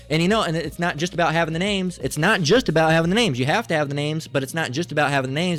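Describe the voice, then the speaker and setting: A man's voice: fairly high pitch, fairly bright tone. A man giving an informal Bible teaching, rambling and swearing freely, often mocking people as he goes. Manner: rambling, profane and mocking, with frequent filler.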